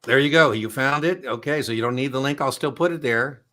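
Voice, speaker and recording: A man's voice: mid-range voice, a little fast, pushed and bright, slight background noise. A middle-aged man hosting an exam prep live stream, chatting casually and telling rambling, joking stories.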